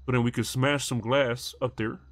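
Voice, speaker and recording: A young man streaming a heist roleplay, rambling and swearing as he thinks the plan out loud. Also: medium pitch, steady tone, moderate pace, dry recording. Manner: rambling, profane, thinks aloud while planning. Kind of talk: casual gaming chat.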